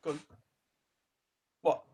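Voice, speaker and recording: A middle-aged man, a TV chef guest, chatting casually in an interview and telling animated stories with frequent laughter. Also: takes it slowly. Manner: animated storyteller, laughs often.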